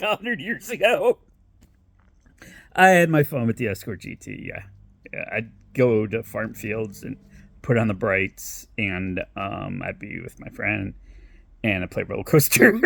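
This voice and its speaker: A man's voice: medium pitch, sing-song, unhurried, vocal fry, a bit bright, slightly rough, dry recording. A man from Toledo, Ohio telling rambling personal stories in a casual vlog, laughing often, swearing freely and doubling back on himself.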